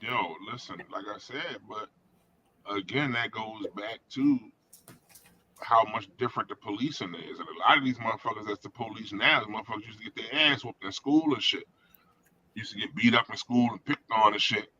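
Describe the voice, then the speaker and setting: A man's voice: fairly low pitch, normal speed, sharp tone, muffled recording. A man on a casual podcast, making emphatic, profane points about policing. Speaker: podcast co-host. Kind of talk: casual chat.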